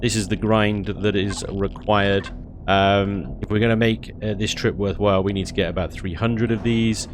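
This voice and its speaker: A man's voice: fairly low pitch, steady tone, moderate pace, background noise. A man chatting casually while playing a space game, rambling and laughing often. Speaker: game streamer. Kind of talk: casual gameplay commentary.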